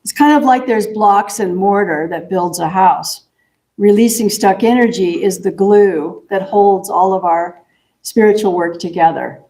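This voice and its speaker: Slow-spoken woman minister. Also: mid-range voice. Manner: gentle, chatty, laughs often. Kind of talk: sermon. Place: church sanctuary.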